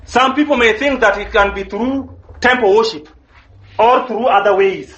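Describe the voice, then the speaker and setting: A man's voice: high-pitched, moderate pace, fairly bright tone, roomy sound, highs cut off. A man preaching a sermon as pastor, emphatic and driving home the same phrases again and again. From Kenya.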